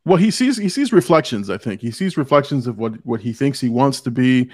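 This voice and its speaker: A man's voice: mid-range voice, lively intonation, a little fast, a little mellow, no room sound, clean studio sound. A man hosting a podcast, talking earnestly in casual chat and often restarting as he tells personal stories. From Hispanic family background. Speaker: podcast host.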